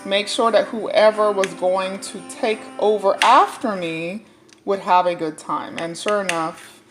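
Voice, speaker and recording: A woman telling a personal story while she cooks, casual, animated and often laughing. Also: medium pitch, measured pace. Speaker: dietitian sharing a personal story. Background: cooking clatter, faint music.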